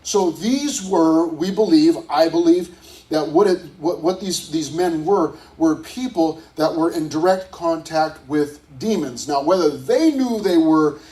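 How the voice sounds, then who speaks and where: A man's voice: fairly high pitch, a little slow, warm tone, distant mic, poor audio. A man, a youth pastor, teaching scripture to a group in a casual, conversational way, often restarting his sentences.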